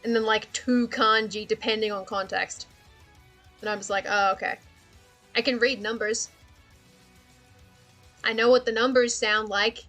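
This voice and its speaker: A woman chats on a casual livestream, rambling and thinking aloud with frequent laughter. Her voice is fairly high and bright, and she talks at an unhurried pace. Faint music plays in the background. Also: steady tone. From Australia. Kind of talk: casual livestream chat about worldbuilding.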